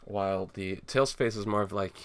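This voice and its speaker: A man's voice: fairly low pitch, moderate pace, smooth. A young man chatting casually as a podcast co-host, reading and riffing on a comic, swearing freely. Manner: laid-back, swears a lot, many fillers.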